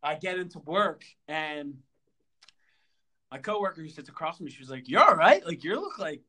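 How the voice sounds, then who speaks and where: Young male podcast co-host, higher voice, animated casual storyteller. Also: moderate pace. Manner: animated, lots of fillers and stutters.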